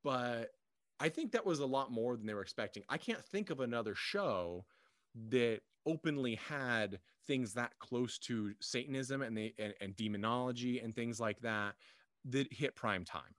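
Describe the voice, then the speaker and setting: A man's voice: mid-range voice, moderate pace, fairly bright tone, dry recording, studio quality. A man co-hosting a casual film discussion, rambling with many fillers and restarts. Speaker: podcast co-host.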